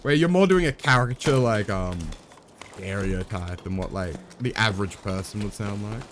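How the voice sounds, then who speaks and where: A man's voice: on the low side, normal speed, slight background noise. A man streaming a game live, chatting casually in a rambling, joking way with some swearing.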